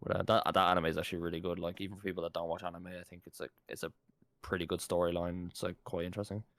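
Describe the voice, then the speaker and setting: Low-voiced young man rambling casually. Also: level tone, rapid-fire, a bit bright, no echo. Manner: rambling, swears freely, leans on "like". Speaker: podcast co-host. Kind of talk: casual chat.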